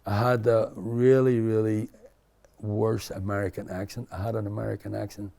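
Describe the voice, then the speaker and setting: As an interview guest, an older man with a Belfast accent wanders through his story frankly, repeatedly starting over and dropping in "you know." He speaks at a normal speed in a fairly low, level, gravelly yet mellow voice.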